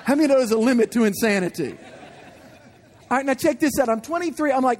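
A man in his forties preaching a sermon, telling animated personal stories and asking the congregation questions. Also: very high voice, quick pace. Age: 40s. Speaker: guest preacher.

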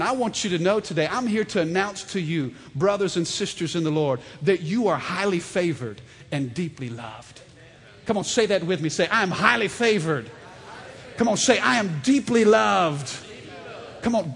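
A pastor in his thirties delivers a sermon in a church, his fairly high, slightly breathy voice ringing out. He tells stories with animation and repeatedly calls on the congregation to respond, while a long reverb trails through the sanctuary.

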